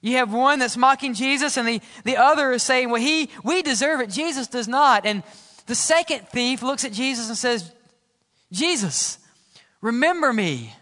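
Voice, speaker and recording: A middle-aged man preaching a sermon as pastor, building intensity and then dropping to soft, low tones on key lines. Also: normal speed. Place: church sanctuary. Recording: reverberant church sanctuary.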